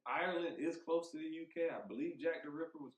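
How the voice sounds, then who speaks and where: A man co-hosting a podcast, talking in a heated, emphatic way, swearing freely and thinking out loud with restarts. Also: on the high side, fast. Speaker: podcast co-host. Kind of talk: casual podcast chat. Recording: roomy echo.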